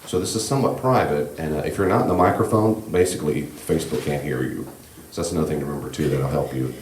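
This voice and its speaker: Very deep-voiced man teaching a church class. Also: quick pace. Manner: gentle, reassuring, conversational with frequent asides. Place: church meeting room. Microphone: handheld microphone. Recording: echoey room with faint background hiss.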